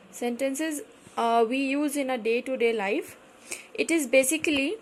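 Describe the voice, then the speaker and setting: A woman with an Indian English accent teaching a grammar lesson, explaining patiently and repeating herself often. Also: high-pitched. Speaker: school teacher.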